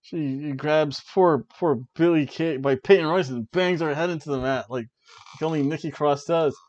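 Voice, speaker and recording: A man hosts a wrestling review show in a loose, chatty way, with bursts of excitement and offhand asides. His voice sits a little high for a man. The sound is dull and lo-fi, like a home setup. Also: moderate pace. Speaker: wrestling review podcast host. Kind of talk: casual chat.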